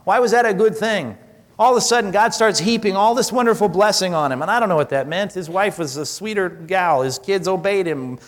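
A man's voice: high-pitched, brisk. Man preaching in a reverberant hall. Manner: conversational preaching with rhetorical questions and animated acted-out quotes. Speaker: pastor. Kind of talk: sermon.

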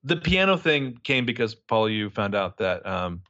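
Animated man recapping a show in a dry, dull recording. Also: fairly low pitch, a little slow, dry recording. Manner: animated, acts out characters' lines with profanity. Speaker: podcast co-host recapping a TV episode. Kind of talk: casual chat.

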